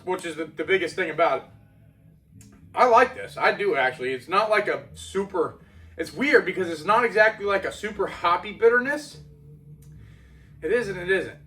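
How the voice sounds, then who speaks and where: A chatty man casually reviewing homebrew beer, rambling and stopping to correct himself mid-thought. His voice sits fairly high for a man. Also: a bit bright.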